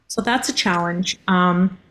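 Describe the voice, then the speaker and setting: A woman's voice: on the low side, unhurried, a bit bright. A woman from Massachusetts answering radio interview questions, hesitant with many ums and restarts. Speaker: guest, linguist.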